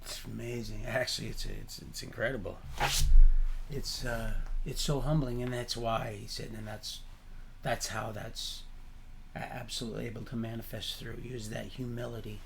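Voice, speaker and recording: A man hosting a livestream, rambling from topic to topic in an animated, preachy way and laughing at his own remarks. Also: medium pitch, moderate pace, gravelly, background noise. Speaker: livestream host.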